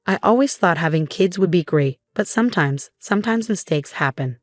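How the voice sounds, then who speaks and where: A woman's voice: on the low side, lively intonation, normal speed, dry recording, natural voice. Cold, slurring drunk father, read by a woman narrator; dry close sound. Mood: scornful. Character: drunk scornful middle-aged father.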